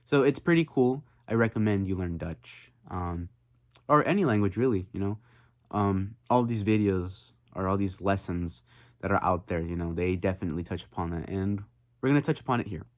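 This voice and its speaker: A man's voice: low-pitched, moderate pace, no room sound, studio quality. A young man teaching an in a casual home video lesson, rambling and self-mocking with many fillers. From United States. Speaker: host teaching an accent.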